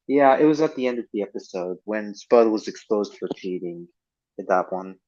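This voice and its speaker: A man's voice: on the low side, lively intonation, normal speed, warm tone. A man hosting a casual voice-chat stream, chatty and enthusiastic, often laughing. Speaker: stream host. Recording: lo-fi online voice chat.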